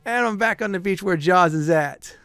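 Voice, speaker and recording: Middle-aged guy rambling thru a game playthrough, lots of uh's, smooth kinda high voice, dry close mic. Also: moderate pace, a bit bright, no echo. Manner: chatty, frequent "uh" fillers, chuckles at the game. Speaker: gameplay commentator. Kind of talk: casual game playthrough commentary.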